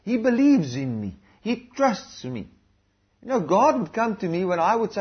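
A man's voice: high voice, very animated, moderate pace, slightly rough, highs cut off. A man preaching a sermon in an earnest, repetitive way, calling out hallelujahs.

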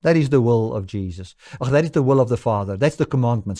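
A man's voice: medium pitch, animated, fast, hardly any pauses, warm tone. A man preaching a sermon, quoting scripture with emphatic rises and falls. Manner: emphatic, rising and falling with scripture quotes.

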